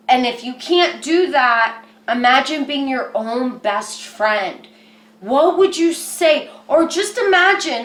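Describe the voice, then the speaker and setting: A woman giving an earnest self-help lesson, often dropping to a soft, soothing voice. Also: sits high, roomy sound. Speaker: therapy skills presenter. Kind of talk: self-help teaching monologue.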